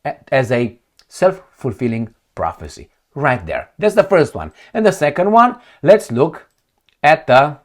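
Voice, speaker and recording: A man's voice: on the high side, big pitch swings, unhurried. A man giving a heated, profane, sarcastic political commentary, reading news lines aloud and mocking them. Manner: reads news excerpts aloud, mocks with put-on quotes. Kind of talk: ranting video commentary.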